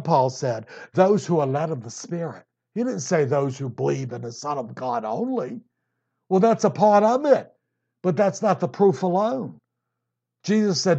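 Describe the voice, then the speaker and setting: A man's voice: on the high side, a little mellow. A man preaching an emphatic Bible sermon, drawing out words for stress. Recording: dull lo-fi tape recording.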